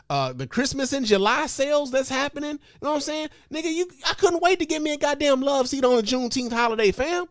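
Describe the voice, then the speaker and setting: A man hosts a comedic podcast with a high, bright-sitting voice, speaking right into the microphone with no room sound. He rants with profane mock outrage, then drops to low mutters and chuckles. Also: no echo, clean studio sound. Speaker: podcast host.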